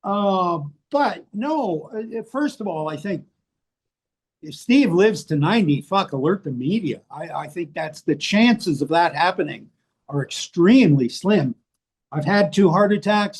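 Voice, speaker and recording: Older american guy, kinda high voice, swears a lot, brutally honest interview chat. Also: animated, moderate pace. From United States. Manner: blunt, profane, self-mocking. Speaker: interview guest, author. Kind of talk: candid casual conversation. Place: rainy place indoors, rain outside.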